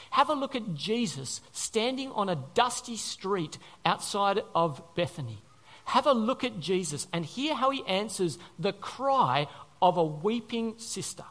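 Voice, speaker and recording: High, lively-voiced male preacher. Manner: earnest, repeats phrases for emphasis, asks the congregation questions. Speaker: pastor. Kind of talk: sermon.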